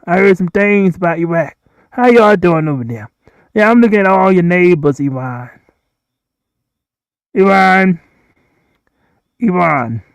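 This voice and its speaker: A man's voice: high-pitched, clear, resonant tone, no room sound. A man hosting a rambling solo livestream, repeating himself and pleading with the countries he addresses. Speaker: livestream host.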